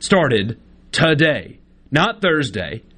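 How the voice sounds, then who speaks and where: A man's voice: a little high, sing-song, extremely slow, fairly bright tone. A man co-hosting sports radio, ranting indignantly and with emphasis about a grievance. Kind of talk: casual sports radio talk.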